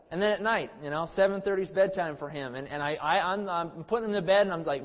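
A pastor in his thirties preaching with passion, his fairly high voice rising to loud emphasis and then dropping to a hush. The sound is a bit muffled and rings with the long reverb of a church hall. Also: fast, hardly any pauses. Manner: impassioned, swings from loud emphasis to low hush. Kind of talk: sermon. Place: church sanctuary.

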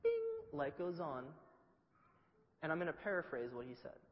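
A male preacher giving a sermon, telling the story in a lively, humorous way with acted-out asides. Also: a little high, normal speed, in a large hall, muffled recording.

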